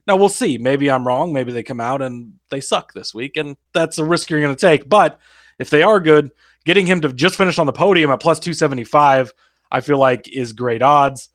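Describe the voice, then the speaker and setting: A man co-hosting a sports betting podcast, laying out his picks in a steady, explanatory, plain-spoken way. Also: on the high side, moderate pace, dry recording, studio quality. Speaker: podcast co-host. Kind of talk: casual sports betting analysis.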